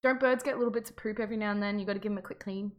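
A woman's voice: mid-range voice, steady tone, very fast. A young Australian woman co-hosting a podcast in a rambling, casual chat with frequent laughs. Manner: chatty, rambling, laughs often. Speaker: podcast co-host.

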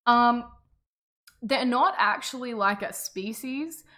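A woman's voice: a little high, takes it slowly, bright, forceful tone. A young Australian woman co-hosting a podcast in a rambling, casual chat with frequent laughs. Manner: chatty, rambling, laughs often. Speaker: podcast co-host.

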